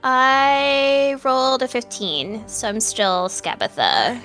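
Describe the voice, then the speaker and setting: Bright-voiced woman player. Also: fairly high pitch, takes it slowly, soft background music. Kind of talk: casual tabletop play.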